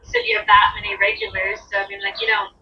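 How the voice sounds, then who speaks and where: A woman counselor who reflects back what her client says with gentle prompts. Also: mid-range voice, sing-song, quick pace, vocal fry, slight background noise. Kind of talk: counseling conversation. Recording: distant and muffled.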